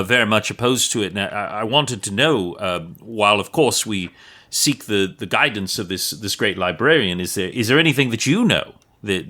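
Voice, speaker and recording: A man voicing a wood elf druid with a put-on Cockney accent, speaking formally but halting over his words. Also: on the low side, sharp tone.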